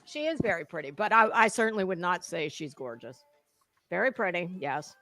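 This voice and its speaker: A woman's voice: lowish voice, expressive, brisk, sharp tone, no room sound. A woman taking part in a casual livestream panel, chatty and agreeable.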